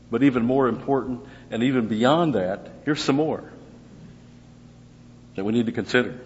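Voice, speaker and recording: A man's voice: mid-range voice, a little fast. A man giving a verse-by-verse Bible teaching, chatty and asking his listeners questions before answering them himself. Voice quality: conversational, asks and answers own questions. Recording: dull recording with long hall reverb.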